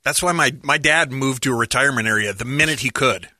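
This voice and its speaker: A man's voice: medium pitch, fast talker, sharp tone, no room sound, studio quality. A man in a casual chat, animatedly telling a story.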